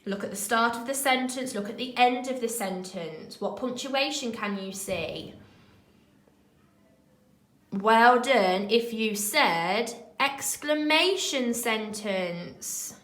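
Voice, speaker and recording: Woman teacher, slow and clear, encouraging young children, echoey classroom. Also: a little high, fairly bright tone. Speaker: primary school teacher. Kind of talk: recorded remote lesson.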